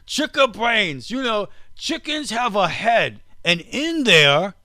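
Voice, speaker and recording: A loud, yelling Australian bloke, as a podcast host puts him on, pitched high and stretched out. His voice stays smooth and clear on a dry, close mic. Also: sing-song, slow, dry recording, heavily acted. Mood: exaggerated. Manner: shouted, high and drawn out. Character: man doing a shouty fake Australian bloke.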